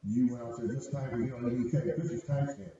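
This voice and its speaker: A man's voice: mid-range voice, little pitch movement, fast talker, warm tone. An older man telling a long rambling story with lots of swearing and stammered restarts. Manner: profane, repetitive, stammering restarts. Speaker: storyteller guest. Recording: dull lo-fi audio from a far, very echoey room.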